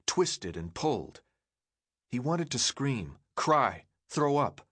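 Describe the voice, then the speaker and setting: Male audiobook narrator, lively intonation, dry booth. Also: medium pitch, breathy edge, no room sound. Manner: expressive storytelling.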